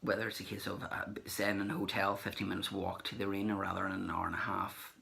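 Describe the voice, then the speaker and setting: Male vlogger, deep gravelly voice with a bright edge, chatty and rambling, acts out the conversations he retells. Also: level tone, fast talker. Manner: rambling, acts out remembered dialogue. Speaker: collector vlogger. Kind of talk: casual anecdotal recap.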